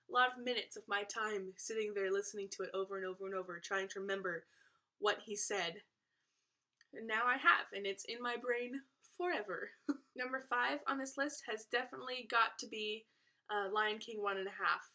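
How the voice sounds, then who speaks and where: A woman's voice: fairly high pitch, fairly even intonation, brisk, sharp tone. A teenage girl chatting casually to camera as a vlogger, playful and self-aware with little asides. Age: teens.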